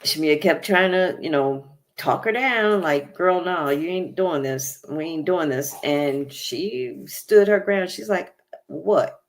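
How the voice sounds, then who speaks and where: Slow, low-voiced woman recapping TV. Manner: chatty, opinionated, many fillers. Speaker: recap show host. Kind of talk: casual reality TV recap.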